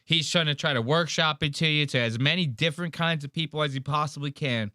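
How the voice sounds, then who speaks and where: A man's voice: on the high side, quick pace, sharp tone, dry recording, studio quality. Profane ranting podcast host man. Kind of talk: casual podcast chat.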